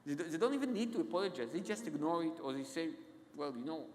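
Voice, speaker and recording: A man with an Israeli accent, a guest author telling stories on stage in a halting, self-interrupting way. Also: a little high, expressive, a little mellow. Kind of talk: onstage conversation, anecdotal storytelling. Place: large event hall. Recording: echoey hall.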